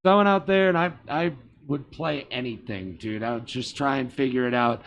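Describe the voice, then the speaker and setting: Gravelly boston guy rambling thru stories on a podcast, lots of um and like. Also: medium pitch, fairly quick, fairly bright tone, muffled recording, a little hiss or hum. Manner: rambling, lots of fillers and asides. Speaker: guest comedian. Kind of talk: casual storytelling chat. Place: small theater.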